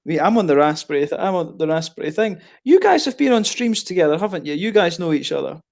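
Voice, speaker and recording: Host, slightly high voice, rambles and laughs along. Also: male voice, big pitch swings, quick pace, gravelly, a little mellow. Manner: chatty, rambling, laughs often. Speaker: stream host. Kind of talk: casual chat.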